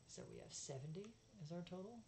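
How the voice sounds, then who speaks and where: A woman's voice: lowish voice, expressive, fast talker, noisy background. A woman playing a story game, reading its text aloud and chatting casually. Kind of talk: let's play reading and commentary.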